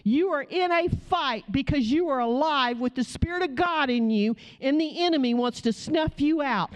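A woman's voice: sits high, normal speed, no room sound. A middle-aged woman preaching a passionate sermon, telling a story and voicing the people in it. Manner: passionate, storytelling with quoted voices.

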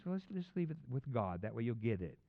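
A man preaching a casual, animated sermon that swings from quiet talk to loud, excited peaks. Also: mid-range voice, fast talker. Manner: animated, conversational preaching with sudden loud peaks and acted voices. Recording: dull lo-fi recording.

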